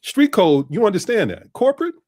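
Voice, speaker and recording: A man's voice: sits high, very animated, a little fast, a little mellow. A middle-aged man speaking as a podcast guest, blunt and street-wise as he talks through how things really work. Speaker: podcast guest, business strategist. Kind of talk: casual podcast conversation.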